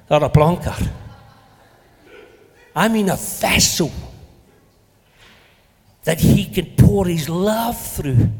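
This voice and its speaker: An older Scottish man preaching a sermon as a pastor, lively and playful in his storytelling. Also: high-pitched. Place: church hall. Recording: long hall reverb.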